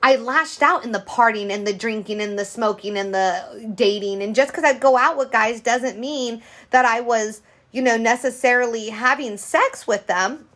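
A woman in her thirties talks on a podcast in an open, unfiltered way. Her voice sits a little high, and she swears freely and loops back on herself often. It sounds like a relaxed, candid conversation. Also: normal speed. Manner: frank, profane, rambling with many restarts. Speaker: podcast co-host. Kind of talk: candid casual chat.

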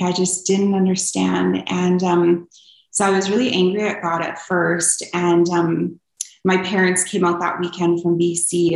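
Woman, low voice, echoey room. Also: vocal fry. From Canada. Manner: earnest, open, with frequent ums and soft laughs. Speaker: interview guest, singer. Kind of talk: personal story in an interview.

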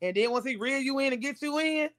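A woman's voice: high-pitched, fast talker, fairly bright tone. A woman co-hosting a casual podcast chat, opinionated and laying out her views step by step. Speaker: podcast co-host.

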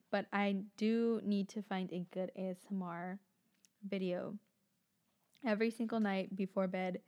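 A woman's voice: mid-range voice, warm tone. Young woman host, loose solo podcast ramble, filler-heavy, casual swearing.

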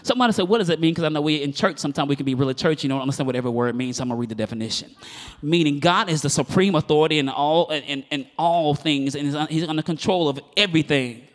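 A man's voice: on the high side, very fast, big-room sound. A male pastor preaching a sermon in a church, telling stories with animation and building to impassioned, fiery preaching.

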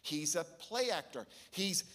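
A middle-aged Irish man preaching a sermon, telling stories with animated, sometimes shouted bursts. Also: on the high side, unhurried. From Ireland. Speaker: pastor.

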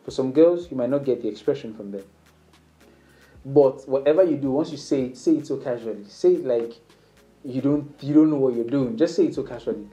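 Man, very dark mellow voice, casual dating advice, instructive. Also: a little fast, poor audio. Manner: instructive, acts out sample lines in a higher playful voice.

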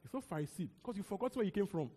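A young man with a Nigerian accent preaches very fast in a high-pitched, breathy-edged voice, animated and conversational with repeated words and asides. The sound echoes with a long hall reverb.

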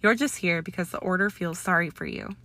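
A proud, sharp-tongued young witch who answers crisply and hisses back her retorts, as a woman reader does her. Her voice sits fairly low and carries a haughty edge. It stays near the reader's own voice, as in a storybook reading. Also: fairly quick, no echo. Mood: defiant, heated. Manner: crisp, hissing, indignant. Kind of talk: audiobook character reading.

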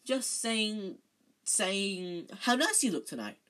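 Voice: mid-range voice, very animated, normal speed, breathy edge, voice pushed up. A reader doing Hermione, a brainy, anxious schoolgirl. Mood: falsely bright. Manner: know-all, then frantic and falsely bright. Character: clever, anxious schoolgirl witch.

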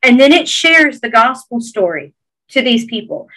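A woman's voice: on the high side, very animated, moderate pace, sharp tone, low-quality recording. A woman with a Georgia Southern accent, earnestly encouraging listeners in a casual podcast chat.

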